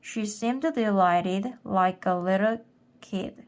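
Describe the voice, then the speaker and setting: A woman's voice: mid-range voice, steady tone, slow pace. A woman reading a children's chapter book aloud for English learners, going back over any word she stumbles on. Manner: careful, rereading stumbled words. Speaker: storybook reader.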